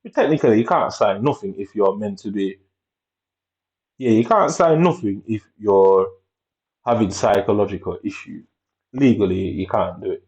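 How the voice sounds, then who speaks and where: Low, warm-voiced man ranting. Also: normal speed. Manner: blunt and profane, acting out others' lines with sudden high jumps. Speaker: vlogger telling a personal story. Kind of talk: casual storytelling. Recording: dull lo-fi recording.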